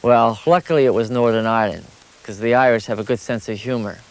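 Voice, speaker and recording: A man recounting his walking travels as a lively anecdote, his voice climbing high at the funny moments. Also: quick pace. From United States. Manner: animated, rising sharply at the funny parts. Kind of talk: anecdotal storytelling.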